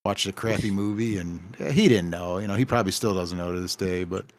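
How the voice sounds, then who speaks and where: A man's voice: low-pitched, brisk. A man who owns a game store, telling rambling anecdotes on a casual podcast and acting out the dialogue.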